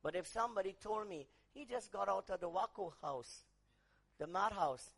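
A man preaching a sermon, dropping to quiet asides, rising to shouted emphasis, and acting out quoted voices. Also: high voice, moderate pace, vocal fry, breathy edge.

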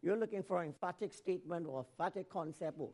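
A man preaching a sermon to a congregation. He swings from shouted emphasis to quiet asides, and he often corrects himself and repeats phrases. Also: high voice, quick pace.

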